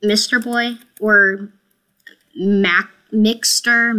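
A woman's voice: mid-range voice, takes it slowly, sharp tone. Chatty self-mocking woman streamer. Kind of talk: casual gameplay commentary.

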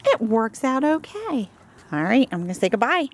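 Woman cooing high baby talk at dogs. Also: sing-song, moderate pace. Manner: high sing-song baby talk with sweeping pitch jumps. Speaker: dog rescuer filming her dogs. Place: outdoors in a yard with dogs.

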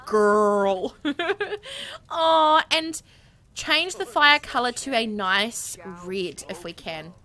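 A high, lively woman doing let's-play commentary into a USB condenser mic. She gushes and squeals in a bright, sharp tone, her pitch leaping all over the place. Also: drawn-out words. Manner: bubbly, gushing, squeals with excitement. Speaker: gaming video creator. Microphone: USB condenser microphone.

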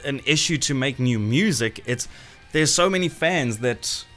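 A man hosting a music reaction video, gushing with breathless fan excitement. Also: medium pitch, a little slow. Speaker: reaction channel host. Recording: faint music behind.

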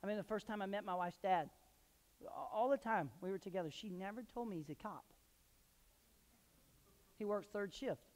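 A male pastor preaching a sermon in a church, telling personal stories and swinging into loud emphatic bursts. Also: sits high, moderate pace, long pauses. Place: church sanctuary. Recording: long hall reverb.

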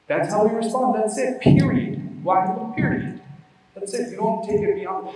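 High-voiced male preacher in an echoey hall. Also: a little mellow, distant mic. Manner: conversational, with frequent "you know what I'm saying" asides; urgent, emphatic exhortation. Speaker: Islamic preacher. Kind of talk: casual religious lecture.

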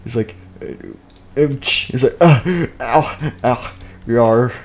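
A man's voice: mid-range voice, drawn-out words, a little hiss or hum. A man narrating a game live stream, jumping between plain storytelling and playful character voices.

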